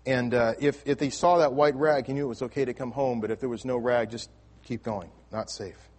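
Man preaching with sweeping loud-to-hushed swings. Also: medium pitch, steady tone, brisk. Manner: storytelling with wide swings from loud emphasis to hushed delivery; frequent restarts and repeated words. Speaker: pastor. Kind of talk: sermon. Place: church sanctuary with congregation.

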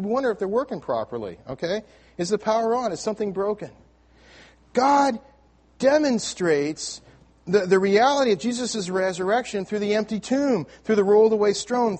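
A man preaching a sermon to his congregation, telling a story with frequent restarts and repeated words, swinging between loud emphasis and hushed, near-whispered lines. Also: high voice. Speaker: pastor. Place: church sanctuary with congregation.

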